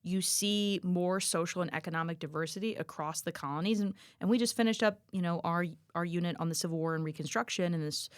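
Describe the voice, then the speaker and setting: A woman's voice: fairly low pitch, fast talker, few pauses, clean tone, no echo, clean studio sound. A woman co-hosting a history review podcast, explaining with a playful, chatty manner. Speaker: teacher and podcast co-host. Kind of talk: casual history review chat.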